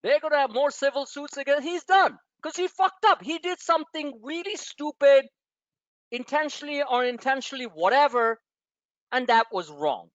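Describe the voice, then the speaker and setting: A man's voice: extremely high pitch, a bit bright. A blunt man coaching traders in a live online session, swearing freely and firing questions at his audience. His voice swings up and down across a wide range. The sound is dull and lo-fi, with a close, dry feel and no room echo. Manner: blunt, profane, talks straight at listeners. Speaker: trading coach hosting a member Q&A.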